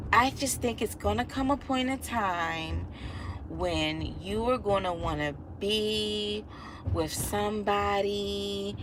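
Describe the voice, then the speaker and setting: A woman in her thirties chatting casually to her viewers, animated and laughing often as she acts out what people said. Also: fairly low pitch. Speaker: vlogger. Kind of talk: casual storytelling chat.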